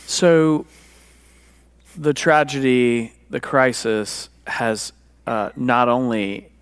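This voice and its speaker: A man moderating a church forum discussion, speaking haltingly with many fillers. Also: medium pitch, steady tone, clear, resonant tone.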